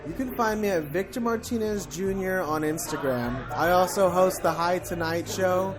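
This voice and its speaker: A man's voice: sits high, moderate pace. A man being interviewed as a comedian in a dive bar, chatting in an easygoing, casual way. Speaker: comedian and guest. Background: music.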